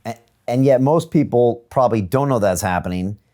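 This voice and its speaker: A man hosting an interview, asking measured, probing questions. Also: mid-range voice, dark tone. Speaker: podcast host.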